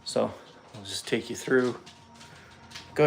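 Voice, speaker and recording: A Calgary man with an Albertan Canadian accent speaks at medium pitch and a normal pace, his voice gravelly, with long pauses and slight background noise. Laid-back and chuckling often, he opens trading card packs and chats casually with his viewers, laughing a lot.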